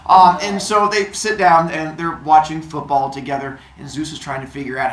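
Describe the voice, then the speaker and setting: A man telling a silly myth story playfully, animated, with made-up sound effects. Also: on the high side, moderate pace, few pauses, slight background noise. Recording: roomy echo.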